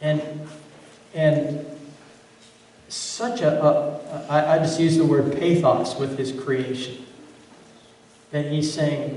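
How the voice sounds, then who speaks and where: A man's voice: a little high, little pitch movement, slow pace, long pauses, dark tone, a little hiss or hum. A man preaching a sermon as pastor, earnest, often repeating words as he builds a point. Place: church sanctuary. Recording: roomy church sound from far off.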